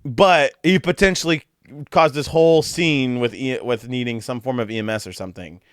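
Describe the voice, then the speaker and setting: A man co-hosting a casual podcast chat, retelling video clips in a lively play-by-play way. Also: mid-range voice, moderate pace, clean tone, dry recording, clean studio sound. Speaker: podcast co-host.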